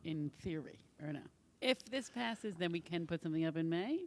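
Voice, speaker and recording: A woman's voice: on the low side, expressive, normal speed. A woman on a school board asking casual, probing questions at a meeting. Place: public meeting room.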